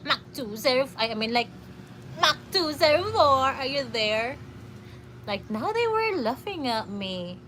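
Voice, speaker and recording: Filipino woman livestreamer, high-pitched and slow-spoken, chatty and giggly. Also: big pitch swings, a bit bright, slight background noise. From Philippines. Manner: giggly, chatty, reads comments aloud. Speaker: livestreamer reading chat. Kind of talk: casual livestream chat.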